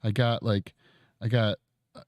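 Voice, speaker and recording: A low-pitched man in his thirties chatting casually on his own stream while he works on a sculpture. He talks in a laid-back way, trails off and chuckles often. The recording is close and dry, with no room sound. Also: flat delivery, measured pace, a little mellow, no room sound. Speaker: streamer host. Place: home studio.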